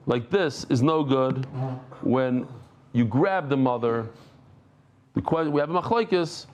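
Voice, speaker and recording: A middle-aged man giving a daily Talmud lesson to a live group, talking in quick bursts, breaking off mid-thought and bantering with listeners. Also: mid-range voice. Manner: lively, jumps between thoughts, self-interrupting. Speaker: Talmud teacher.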